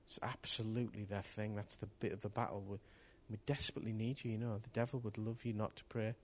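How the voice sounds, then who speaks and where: A man's voice: fairly low pitch, steady tone, quick pace. Impassioned male preacher. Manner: impassioned, rising to loud outbursts. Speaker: pastor. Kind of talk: sermon. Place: church hall with congregation.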